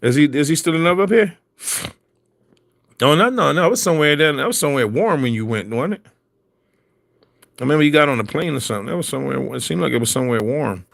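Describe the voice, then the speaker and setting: A man's voice: on the high side, expressive, fast, vocal fry, long pauses, a bit bright, no echo, clean studio sound. A man in casual chat, telling stories in slang and laughing often. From Philadelphia.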